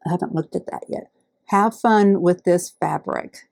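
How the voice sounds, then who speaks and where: Woman, middle-aged, deep voice, awed and gushing, dry close sound. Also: measured pace, vocal fry, a little mellow, dry recording. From Alabama. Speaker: quilting channel host. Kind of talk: casual unboxing chat.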